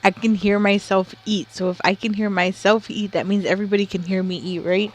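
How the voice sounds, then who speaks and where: Woman, casual stream co-host, mid-pitched, rowdy and jokey, swears freely. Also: steady tone, brisk, slight background noise. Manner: loud, joking, swears, drops Spanish slang. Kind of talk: casual livestream chat. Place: home.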